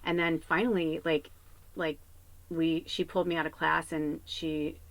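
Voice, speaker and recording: A woman's voice: low voice, flat delivery, measured pace, rough recording. A woman psychic medium telling a personal story in a casual, rambling way, swearing freely.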